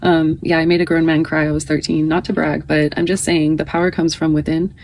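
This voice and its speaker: A woman's voice: deep voice, little pitch movement, brisk, darkish tone, slight background noise, rough recording. A woman in her thirties giving a casual, chatty tarot reading, often reading card text aloud.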